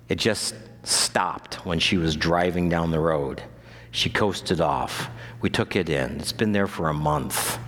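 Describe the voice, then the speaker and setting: A man preaching a sermon as a pastor, his voice climbing high on key phrases and dropping to a low, confiding tone for personal stories. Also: big-room sound.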